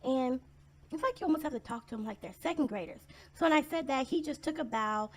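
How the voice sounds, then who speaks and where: A woman's voice: sits high, fast talker. A woman telling personal stories in a casual vlog monologue, blunt and sarcastic in a conversational way.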